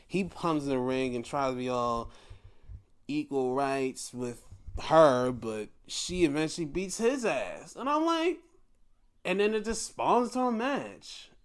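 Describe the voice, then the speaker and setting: Male host, profane, animated recapper; pitch jumps all over. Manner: animated, profane, acts out scenes in voices. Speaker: show host. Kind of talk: casual wrestling recap.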